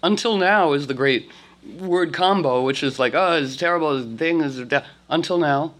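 A man's voice: fairly high pitch, moderate pace, a bit bright. A man leading a casual talk for a group, rambling with many fillers and restarts, often laughing. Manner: rambling, full of "you know" and restarts, laughing.

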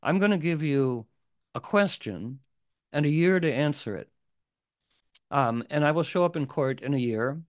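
A man storyteller voicing an enemy knight who lays out a deadly bargain in a low, matter-of-fact voice. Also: expressive, normal speed, pauses often, no room sound, natural voice. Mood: calm threat. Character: menacing old enemy knight, coolly bargaining. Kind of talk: oral storytelling.

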